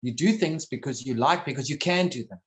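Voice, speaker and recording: A man holding a casual one-on-one conversation, his thoughts coming out in halting, rambling pieces. He restarts sentences often and drops in blunt swearing. His voice sits at an ordinary middle pitch.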